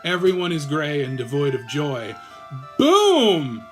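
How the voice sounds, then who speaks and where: Male vlog host, high voice, loopy and foul-mouthed, worn out, rambling comedic review. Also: animated, normal speed, soft background music. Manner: profane, rambling, self-mocking and a bit loopy. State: tired from a marathon of viewing. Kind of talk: casual comedic rant to camera.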